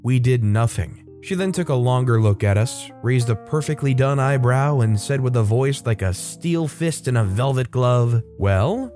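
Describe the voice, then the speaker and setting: A man's voice: mid-range voice, moderate pace, few pauses, dark tone, faint music behind. A man reading online stories aloud as a show host, telling them playfully and expressively with sudden lifts in his voice. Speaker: story narrator and show host.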